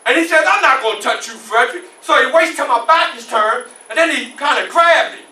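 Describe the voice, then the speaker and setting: A male reenactor playing a formerly enslaved man who recounts his youth in an animated one-man stage show, shouting at tense moments, in a library room. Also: very high voice, a little fast, full character voice. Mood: intense. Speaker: historical reenactor. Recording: roomy library room, mic far off.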